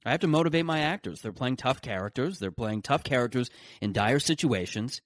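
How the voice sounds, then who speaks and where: A man's voice: mid-range voice, animated, brisk, no echo. Guy rambling on his podcast, sarcastic, keeps restarting sentences, dry close mic. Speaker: podcast host. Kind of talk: casual solo monologue.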